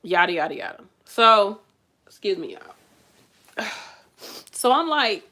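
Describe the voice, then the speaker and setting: A woman in casual chat with her viewers, speaking. She vents in an animated way and keeps calling them y'all. Her pitch sits in the middle of the range. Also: unhurried. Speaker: nursing student vlogger.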